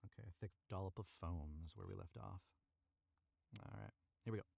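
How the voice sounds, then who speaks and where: A man's voice: deep voice, brisk, gravelly, mellow, no room sound. A man reading a story aloud on a live stream from a cramped booth, chatting to viewers and redoing lines he stumbles on. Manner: chatty, self-correcting, retakes lines. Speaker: voice actor narrating a story.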